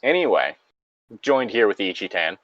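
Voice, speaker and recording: A man's voice: fairly low pitch, very animated, moderate pace, a bit bright, no echo, dull audio. A man hosting a casual podcast chat, rambling and a little hesitant as he talks. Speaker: podcast host.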